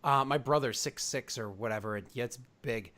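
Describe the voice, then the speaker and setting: A man playing a tabletop game makes quick, excitable asides. His voice sits at a middle pitch. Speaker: player.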